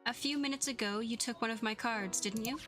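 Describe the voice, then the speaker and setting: A woman's voice: a little high, brisk, over music, lightly acted. Woman voicing a vain, fabulous showman magician. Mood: smug. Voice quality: drawling, affected "sweetie" manner. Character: vain, flamboyant male star magician, theatrical and smug.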